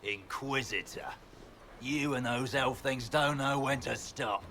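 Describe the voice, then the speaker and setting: An actor playing a gruff, boastful male general in a video game, speaking in a taunting, scornful way. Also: mid-range voice, slow, sharp tone, a little hiss or hum.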